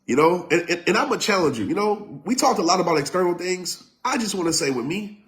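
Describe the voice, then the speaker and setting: A man giving a live-streamed motivational talk, preaching emphatically, repeating his points and sometimes shouting. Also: high-pitched, expressive, fast. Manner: talks directly to live viewers. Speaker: motivational speaker.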